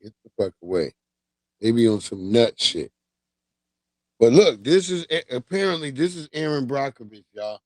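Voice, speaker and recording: A man's voice: medium pitch, animated, moderate pace, no room sound. A man chats on his livestream in a loose, profane way, breaking into laughter as he tells stories. His voice sits close to the mic in a dry, dead room. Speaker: livestream host. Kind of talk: casual livestream commentary.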